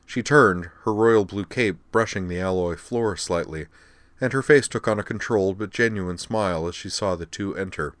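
A man narrating an audiobook in a steady, measured reading. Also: low-pitched, dry recording. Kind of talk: scripted narration.

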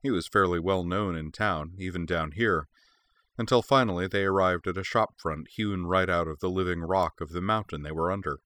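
A man narrating an audiobook in a steady, measured reading. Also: deep voice, no room sound.

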